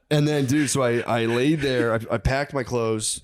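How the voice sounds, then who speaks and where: A man, a podcast co-host telling a long rambling story with laughs, acting out his own thoughts in quick asides. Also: mid-range voice, steady tone, over a noisy crowd. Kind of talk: casual storytelling chat.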